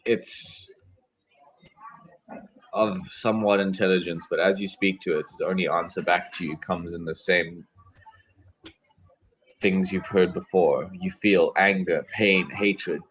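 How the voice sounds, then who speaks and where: Low-voiced man running a tabletop game. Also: measured pace, long pauses, poor audio. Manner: relaxed, describes combat with fillers. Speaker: game master.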